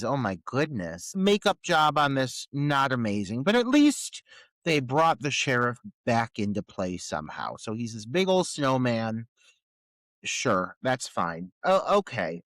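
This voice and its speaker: A man's voice: mid-range voice, big pitch swings, unhurried, a bit bright, no room sound. A man co-hosting a horror movie podcast, picking apart plot holes in a profane, incredulous rant. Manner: incredulous, profane ranting critique. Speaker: podcast co-host. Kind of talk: casual movie review chat.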